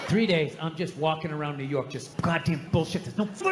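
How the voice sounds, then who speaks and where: Stand-up guy ranting, high voice, exasperated storytelling, big echoey hall, faint crowd noise. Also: brisk. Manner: animated storytelling, exasperated rants. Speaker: stand-up comedian. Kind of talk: stand-up routine. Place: large venue with audience.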